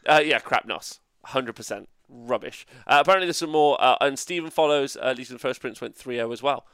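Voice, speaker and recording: A man co-hosting a casual tabletop gaming podcast, animated and swearing freely with lots of fillers. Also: medium pitch, fairly quick, clean tone, no room sound, studio quality. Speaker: co-host. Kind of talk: casual podcast chat about tabletop games.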